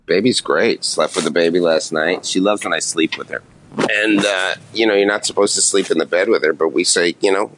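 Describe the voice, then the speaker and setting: A man from Canada, a comedian guest, talking in a rambling casual chat with deadpan jokes. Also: low-pitched, fairly quick, slight background noise.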